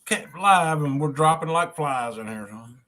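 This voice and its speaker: A man hosting a fishing livestream from a boat, chatting playfully in a slow drawl. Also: fairly high pitch, lively intonation, pushed and bright, slight background noise. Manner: slow drawl, playful, reads a kids' book aloud. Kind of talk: casual livestream banter.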